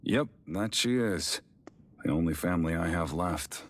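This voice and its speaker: An actor playing an easygoing older brother in a game cutscene, talking in a relaxed, wry way. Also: male voice, sits low, measured pace. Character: easygoing grown man, calm older brother. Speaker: game character. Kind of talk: video game cutscene dialogue.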